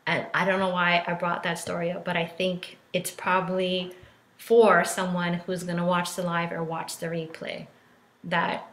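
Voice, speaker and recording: Speaking at normal speed with a lowish, fairly bright voice and a completely flat delivery, a woman in her thirties who works as a life coach chats casually on a live stream. She's candid and uses lots of fillers, acting out others' quotes. The audio comes from a phone or laptop and has a roomy echo.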